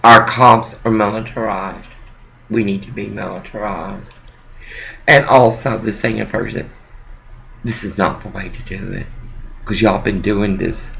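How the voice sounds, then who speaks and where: A man's voice: on the low side, fairly even intonation, measured pace, vocal fry, bright, forceful tone, poor audio. A man from Texas, delivering a heated, profane, rambling monologue to the camera.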